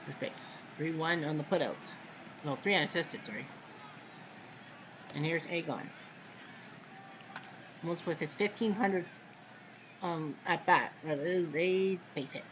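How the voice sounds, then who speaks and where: A man hosting casual play-by-play commentary of a simulated baseball game, relaxed and chatty, with sudden loud calls on big plays. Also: a little high, unhurried, pauses often, background noise.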